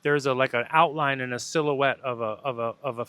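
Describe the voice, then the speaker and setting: A man's voice: mid-range voice, fairly even intonation, a little fast, bright, forceful tone, clean tone, dry recording. A man, a podcast guest, telling an earnest and emotional personal story and acting out the dialogue in it. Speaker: podcast guest, breathwork facilitator.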